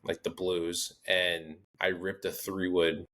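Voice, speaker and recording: Low-voiced guy on a golf podcast, rambly casual storytelling, lots of restarts. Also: little pitch movement, slow, pushed and bright. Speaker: podcast co-host. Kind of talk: casual chat.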